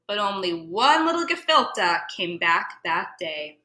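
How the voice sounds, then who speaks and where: A woman museum educator reading a children's story aloud, playful and animated, explaining words as she goes. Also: medium pitch, takes it slowly, hardly any pauses. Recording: echoey room.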